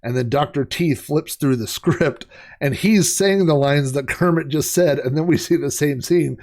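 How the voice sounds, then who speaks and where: A let's play host with a somewhat high, slightly mellow voice gives casual gameplay commentary at a moderate pace. He rambles chattily, using plenty of fillers and laughing at his own jokes.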